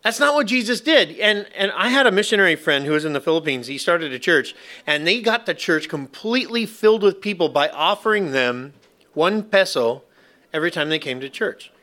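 A man preaching a sermon to a church congregation, with slow, emphatic phrasing broken up by playful asides. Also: a little high, lively intonation, bright, forceful tone. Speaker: pastor.

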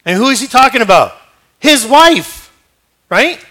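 Bright-voiced joking preacher, male. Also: extremely high pitch, very animated, a little slow, long pauses. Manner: conversational and joking, acts out scenes. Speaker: pastor. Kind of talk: sermon.

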